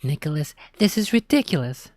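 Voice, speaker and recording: A woman's voice: deep voice, big pitch swings, moderate pace, darkish tone, no room sound, studio quality. A woman voicing an upset mother in a storybook reading, scolding her son and later speaking through tears. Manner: scolding, then tearful. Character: upset, stern mother of a young boy.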